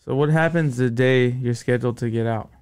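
Male interview host, smooth clear voice, dead-dry recording, brief casual prompts. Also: mid-range voice, fairly quick, darkish tone, no echo. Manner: short prompting questions. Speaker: podcast host.

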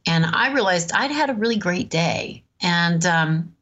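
A woman in her fifties telling a personal story in a relaxed, chatty way, laughing often and pausing with many ums. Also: fairly low pitch, dull audio. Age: 50s. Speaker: host. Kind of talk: storytelling talk.

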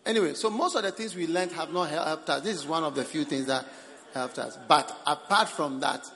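A man's voice: on the high side, brisk. Playful male preacher in a reverberant hall. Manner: animated, playful, teasing the congregation. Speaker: pastor. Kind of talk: sermon. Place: large church hall. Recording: reverberant hall, faint ambience.

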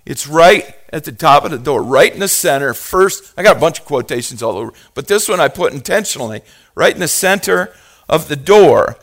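A man preaching a sermon as pastor, moving from quiet asides to loud, fervent passages and asking the congregation questions. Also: a little high, expressive, normal speed. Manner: talks directly to the congregation with questions.

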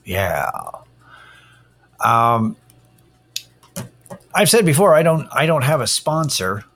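A man's voice: medium pitch, sing-song, takes it slowly, fairly bright tone. A middle-aged man hosting a casual solo podcast, ranting in an irritated, profane way. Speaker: podcast host. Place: Austin-area home setting.

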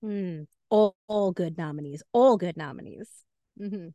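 A woman's voice: fairly low pitch, a little slow, no room sound. A woman co-hosting a book podcast in casual chat, playfully announcing awards. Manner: playful, lively, announcer-style award presenting. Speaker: podcast co-host.

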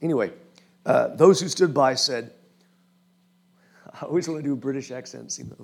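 A man's voice: medium pitch, normal speed, creaky, pauses often, darkish tone. A male pastor preaching a conversational sermon who keeps checking in with his listeners. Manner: informal, often checks in with the listeners.

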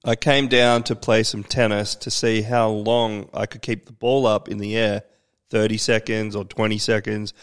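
Flat-voiced man. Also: fairly low pitch, moderate pace, smooth. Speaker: podcast co-host. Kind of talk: casual chat.

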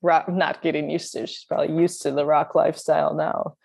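A woman's voice: sits low, level tone, brisk, creaky, darkish tone, slightly rough. A woman hosting an interview, chatting casually and encouraging her guest with frequent backchannels. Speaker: podcast host.

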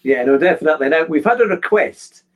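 A man's voice: on the high side, expressive, quick pace. A man hosting a casual podcast, affable and agreeing often, reading out viewers' requests. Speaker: podcast host. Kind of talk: casual chat.

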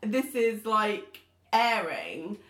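Woman co-host, lively pitch, chatty and giggly, echoey room. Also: drawn-out words. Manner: laughs often, quotes characters in an acted voice. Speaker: podcast co-host. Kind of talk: casual chat about a TV series.

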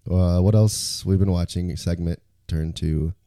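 Dark-voiced laughing podcast host, a man. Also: deep voice, fairly even intonation, measured pace, no room sound, clean studio sound. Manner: laughs often, playful. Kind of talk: casual movie review chat.

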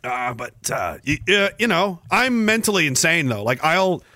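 Sarcastic, profane man with lively high voice. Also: normal speed, dry recording, studio quality. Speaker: livestream host reading chat. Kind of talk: casual ranting livestream commentary.

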